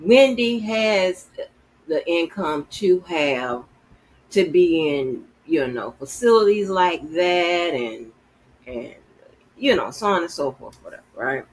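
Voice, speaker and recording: A man's voice: sits high, lively intonation, slow, rough recording. A man co-hosting a podcast in casual chat, rambling and loose, with frequent profanity. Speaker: podcast co-host.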